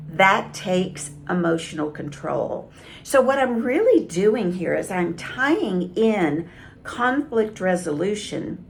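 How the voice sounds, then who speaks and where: A woman communication coach giving calm, measured advice straight to camera. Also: on the low side, gravelly, a little hiss or hum. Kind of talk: direct-to-camera coaching talk.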